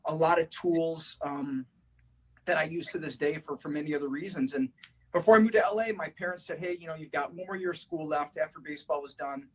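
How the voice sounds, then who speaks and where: A man's voice: a little high, a little fast, slightly rough, low-quality recording. A man from Chicago answering interview questions in a casual, reflective way, with many fillers. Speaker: guest.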